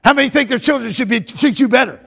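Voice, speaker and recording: A man preaching a sermon, often repeating phrases, calling out to his congregation for a response, and rising to shouts at the peaks. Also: very high voice, fast, gravelly. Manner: rises to shouting at climaxes. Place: church sanctuary. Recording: long reverb of a large hall.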